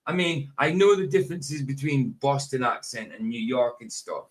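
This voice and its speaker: A man's voice: medium pitch, lively intonation, moderate pace. Chatty British man hosting a podcast. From United Kingdom. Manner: chatty, rambling, laughs often. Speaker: podcast host. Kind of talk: casual chat.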